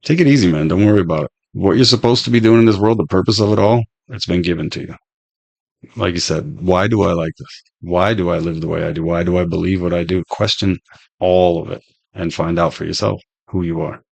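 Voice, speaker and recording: A man in his fifties with a low voice full of gravel and a husky edge. He talks as a podcast guest in a loose, rambling way, swearing often as he turns over big questions. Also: fairly quick. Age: 50s. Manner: laid-back, heavy swearing, rambling musings. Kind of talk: casual conversation, philosophical storytelling.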